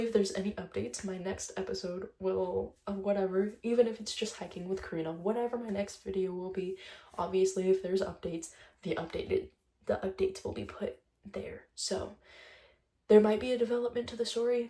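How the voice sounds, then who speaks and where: Gravelly-voiced young woman telling a story. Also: medium pitch, dark tone, roomy sound. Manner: chatty, swears often, retells dialogue with "I was like". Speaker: vlogger. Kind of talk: casual storytime monologue.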